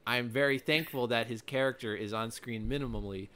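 Young man, bright tone, opinionated casual podcast reviewer, lots of "like" and "you know". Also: mid-range voice, a little fast. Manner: opinionated, filler-heavy. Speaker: podcast co-host. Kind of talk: casual movie review chat.

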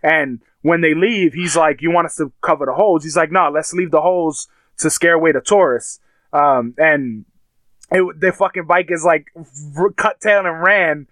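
A man chatting casually, retelling TV scenes with animated, crude language. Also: fairly high pitch, normal speed, no echo. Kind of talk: casual chat.

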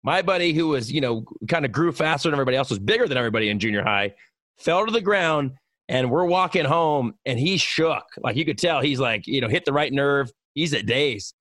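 A man's voice: medium pitch, lively intonation, fairly quick, fairly bright tone, no echo, clean studio sound. A man telling a rambling story in casual chat, full of fillers and swearing. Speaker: radio personality.

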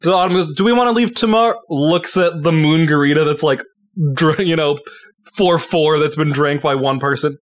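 A man's voice: a little high, fairly even intonation, normal speed. A man playing a tabletop game, chatty and amused. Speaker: player.

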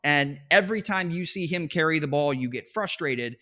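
Bright-voiced animated sports podcast host. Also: male voice, fairly high pitch, normal speed. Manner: animated, restarts often, laughs while talking. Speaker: fantasy football podcast host. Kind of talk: casual sports chat.

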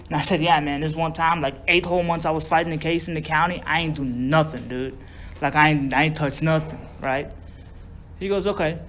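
A man's voice: fairly high pitch, a little fast, slight background noise. A man with a drawl telling a long recovery story, profane and loose, acting out what others said to him. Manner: profane, drawling, acts out quoted voices. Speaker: speaker sharing recovery story. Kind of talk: storytelling to a group.

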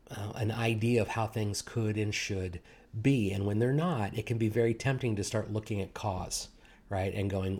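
A man preaching a sermon in a relaxed, conversational way, acting out quoted complaints and chuckling now and then. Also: on the low side, slightly rough. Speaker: pastor.

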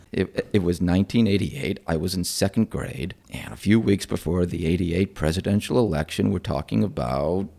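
A man's voice: deep voice, creaky, dark tone. A man in his forties from upstate New York, chatting as an interview guest with a self-deprecating, rambling manner. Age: 40s. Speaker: guest, opposition researcher. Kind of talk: conversational interview.

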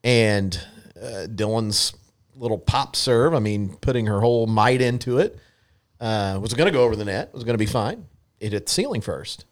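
A man's voice: on the low side, normal speed. A man in casual chat, telling a story with many halts and restarts.

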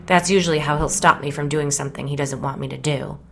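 A woman's voice: low-pitched, fairly even intonation, fast talker, gravelly. A woman reading an audiobook, voicing a troubled, volatile young man who speaks anxiously and earnestly. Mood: uneasy.

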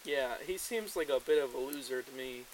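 A man co-hosting a casual podcast from a cabin, talking in an animated, profane way and laughing often. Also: mid-range voice, a little fast, slight background noise, poor audio. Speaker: podcast co-host.

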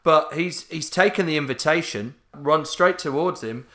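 A man co-hosting a comedy podcast, trading dry, deadpan quips. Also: on the high side, moderate pace. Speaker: podcast co-host. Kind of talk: crude comedic banter.

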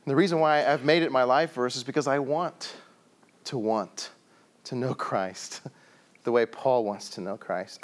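A middle-aged man preaching a sermon, telling stories and dropping his voice low for emphasis. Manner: storytelling with acted quotes and sudden quiet drops. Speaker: pastor.

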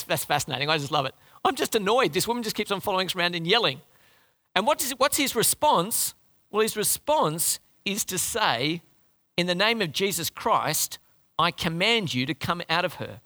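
A man preaching a sermon in an animated, conversational way, often restarting his phrases. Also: high voice.

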